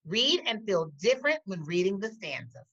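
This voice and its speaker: A woman teacher giving a recorded poetry lesson, talking slowly and deliberately and pausing to question the class. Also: medium pitch, very animated, a bit bright. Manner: slow, deliberate, with pauses. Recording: dull lo-fi audio.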